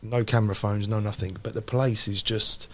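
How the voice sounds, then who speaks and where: A man, a podcast host telling a lively personal story in casual chat. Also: lowish voice, moderate pace. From London. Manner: animated anecdote teller, repeats phrases for emphasis.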